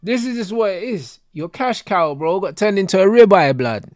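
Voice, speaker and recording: A man's voice: high-pitched, expressive, normal speed, no echo, clean studio sound. A young man, chatting casually and animatedly in heavy slang as a stream host. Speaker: host of a football watch-along stream.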